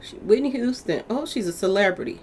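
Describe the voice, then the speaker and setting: A woman with a slightly high, a bit rough voice talks a little fast as she hosts her own commentary channel. She chats animatedly about celebrity gossip, speaking directly to her viewers and calling them "y'all."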